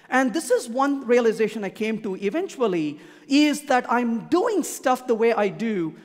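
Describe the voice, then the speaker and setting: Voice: medium pitch, sing-song, moderate pace. A conference speaker giving a keynote talk, emphatic and repeating key points for emphasis. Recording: long hall reverb.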